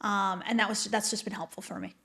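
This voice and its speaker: A woman's voice: medium pitch, flat delivery, fairly quick, vocal fry, fairly bright tone. A woman speaking candidly and reflectively as a podcast guest, in casual conversation full of "like" fillers. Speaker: podcast guest, manifestation mentor.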